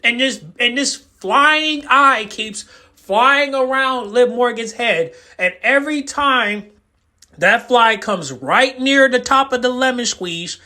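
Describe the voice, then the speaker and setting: This YouTube host speaks slowly in a very high-pitched, bright, forceful voice, ranting through his reaction commentary. Fired up, he lectures the viewer, emphatically hammering the same words over and over.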